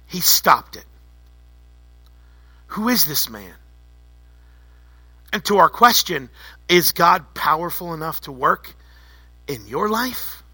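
A man's voice: fairly high pitch, pushed and bright, dry recording. A man preaching a sermon, drawing listeners into a story told in the second person and repeating phrases for effect. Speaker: pastor.

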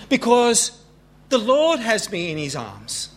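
A man preaching a sermon in an earnest way, rising in pitch when he stresses a point. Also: big pitch swings. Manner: earnest, rising with emphasis, slow deliberate preaching. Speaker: pastor.

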